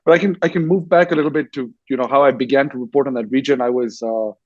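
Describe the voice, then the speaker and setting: A man's voice: mid-range voice, steady tone, fast talker, darkish tone, no echo, lo-fi sound. A man who grew up in Dubai, an author and war correspondent, telling his story on a festival panel with frequent restarts. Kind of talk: panel discussion.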